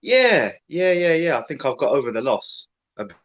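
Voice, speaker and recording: Passionate football pundit. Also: male voice, a little high, normal speed, dull audio. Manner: animated, passionate, rambling rants with lots of "mate". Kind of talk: casual football chat.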